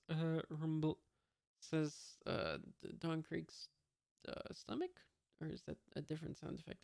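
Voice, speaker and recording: A reader casually reading a comic aloud, halting with many fillers, reading out sound effects and punctuation, with dry offhand asides. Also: medium pitch, steady tone, a little mellow, clean tone, no echo.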